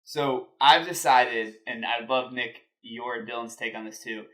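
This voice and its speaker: A man co-hosting a casual sports podcast, telling an animated story and swearing casually. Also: medium pitch, measured pace. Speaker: podcast co-host. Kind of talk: casual chat.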